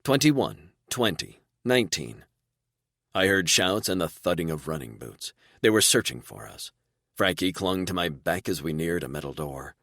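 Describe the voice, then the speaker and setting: A male audiobook narrator with a very deep voice tells the story in steady, even first-person narration. The recording is dry and close, with no trace of room sound. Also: normal speed, no room sound.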